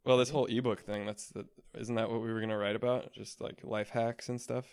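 A man's voice: mid-range voice, flat delivery, brisk, clean tone, no room sound, clean studio sound. A man co-hosting a casual podcast, who mostly chimes in with short reactions and questions. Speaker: podcast co-host. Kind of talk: casual chat.

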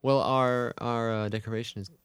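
A man's voice: mid-range voice, steady tone, moderate pace, clean tone, no room sound. Laid-back guy chatting on a podcast, mostly agreeing, dry sound. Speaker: podcast co-host. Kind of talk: casual chat.

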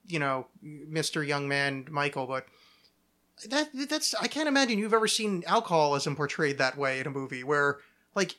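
A man's voice: a little high, sharp tone. A man co-hosting a podcast in casual chat, rambling and joking, often cutting himself off. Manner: rambling, self-interrupting, jokey. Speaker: podcast co-host.

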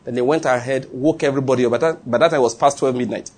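A man with a Nigerian accent, preaching a sermon and telling stories, animated and laughing, with call-and-response. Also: medium pitch, very fast, slightly rough. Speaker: pastor. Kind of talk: sermon with storytelling.

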